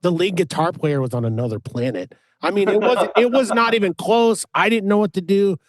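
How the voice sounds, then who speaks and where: A man hosting a casual podcast, telling his own story in a relaxed way and saying "man" a lot. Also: high voice, brisk, no echo, clean studio sound.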